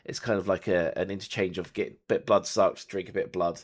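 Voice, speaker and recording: A man's voice: low-pitched, steady tone, fairly quick. A man acting as game master, explaining rules and scenes loosely with many fillers. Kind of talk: narrating a tabletop game.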